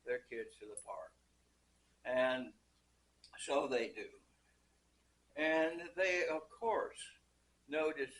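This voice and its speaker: Slow, hesitant old male storyteller. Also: mid-range voice, a bit bright, a little hiss or hum, rough recording. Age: older. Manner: hesitant, many fillers and restarts. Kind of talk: telling a joke as a rambling story.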